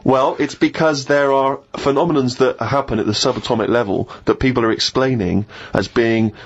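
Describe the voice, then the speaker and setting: A man's voice: medium pitch, steady tone, normal speed, a little hiss or hum. Rambling man telling stories, lo-fi. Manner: rambling anecdotal storyteller, laughs often. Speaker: co-host. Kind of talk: casual comedic podcast chat. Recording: dull lo-fi podcast audio.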